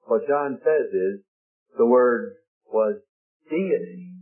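A man preaching a sermon, slowing down and leaning hard on key words. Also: mid-range voice. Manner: emphatic, slows and stresses key words. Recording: tinny lo-fi broadcast audio.

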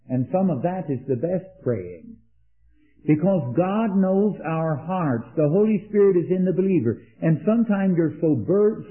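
A man preaching an earnest sermon, rising to emphatic peaks and dropping into quiet anecdotes. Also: high voice. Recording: echoey, tinny old sermon recording.

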